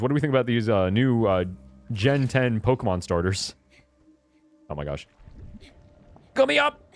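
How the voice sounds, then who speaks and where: A young man streaming a video game, chatting casually, often interrupting himself and breaking into laughter and excited high squeals. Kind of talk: casual gameplay commentary.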